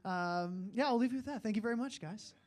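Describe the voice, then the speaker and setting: A man's voice: high voice, a little fast, heavy background noise. A young man from Alberta, Canada, doing a stand-up comedy set, self-deprecating and rambling, with frequent fillers.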